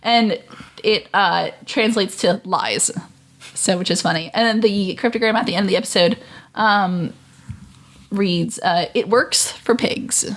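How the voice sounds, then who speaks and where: A woman's voice: medium pitch, measured pace. A young woman co-hosting a casual reaction show, rambling with lots of ums while she reads out trivia and viewer comments. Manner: rambling, with frequent ums and laughs. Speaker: co-host of a show reacting to cartoon episodes. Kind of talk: casual chat.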